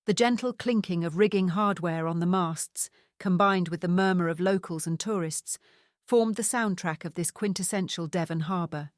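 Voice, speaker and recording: A woman narrating an audiobook novel in an even, measured reading. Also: on the low side, no room sound, studio quality. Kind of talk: scripted narration.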